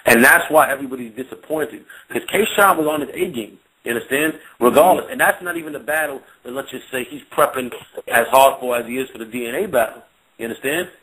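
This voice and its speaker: A man's voice: medium pitch, fairly quick, sharp tone, poor audio. A man giving blunt, insistent opinions in a casual panel chat, often asking "you understand?". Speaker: battle rap commentator.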